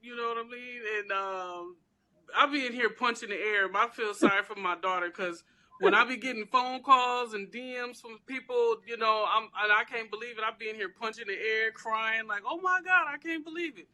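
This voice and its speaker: A woman, a guest crafter, talking in a casual, animated interview with informal slang and plenty of emphasis. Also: on the high side, normal speed.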